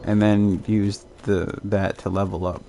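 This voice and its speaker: Young canadian guy streaming a game, slow and drawly, rambles and restarts, chuckles a lot. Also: fairly low pitch, little pitch movement, mellow, a little hiss or hum. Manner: laid-back, rambling with restarts, chuckles often. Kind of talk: casual gaming commentary.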